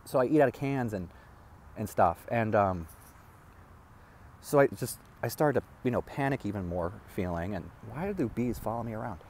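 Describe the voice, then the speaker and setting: A man telling a rambling personal story as a vlogger, halting and restarting as he talks. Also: fairly low pitch, lively intonation, darkish tone, slight background noise.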